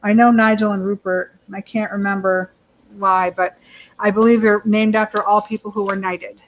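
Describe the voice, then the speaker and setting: A woman's voice: medium pitch, level tone, normal speed. A woman co-hosting a casual beauty review, chatty, laughing often and swearing freely. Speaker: beauty channel co-host. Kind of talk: casual chat product review.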